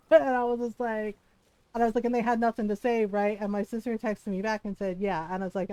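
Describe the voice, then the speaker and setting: A woman's voice: a little high, fairly quick, dark tone, no echo, low-quality recording. A woman streamer telling stories in a casual chat while she games, blunt and profane, laughing as she goes. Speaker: game streamer. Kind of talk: casual storytelling while gaming.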